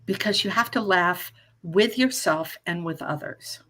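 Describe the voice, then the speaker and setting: A woman's voice: on the low side, a little slow, a bit bright. A woman in her fifties, a life coach on as a guest, chatting casually and playfully, often restarting her sentences and acting out little scenes. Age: 50s. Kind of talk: casual interview chat.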